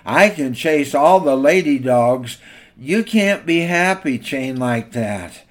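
A man's voice: mid-range voice, animated, takes it slowly. A man voicing a cocky male bulldog who mocks and boasts, in a storytelling sermon. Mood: taunting. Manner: mocking, boastful.

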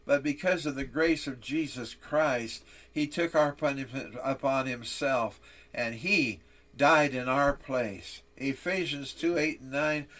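A man's voice: mid-range voice, unhurried, fairly bright tone. A male preacher telling a solemn story, then delivering a sermon.

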